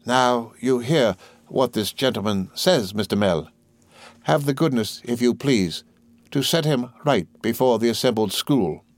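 A man voicing a pompous, angry older male headmaster who talks slowly and blusters. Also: mid-range voice, gravelly, no room sound. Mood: blustering.

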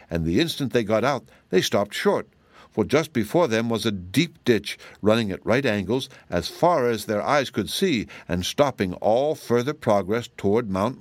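A man narrating a children's storybook in an expressive, lively reading voice. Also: fairly low pitch, no echo. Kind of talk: audiobook narration.

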